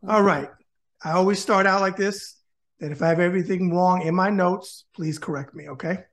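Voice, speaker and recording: A man's voice: sits high, steady tone, normal speed, fairly bright tone. Upbeat man hosting a web interview show. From Westchester County, New York. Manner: upbeat, showman-style introductions. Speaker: host.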